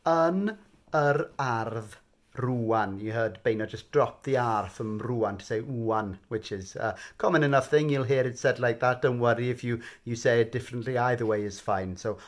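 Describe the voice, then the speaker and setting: A man giving a patient, gently coaxing bedtime language lesson. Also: mid-range voice. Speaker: language teacher.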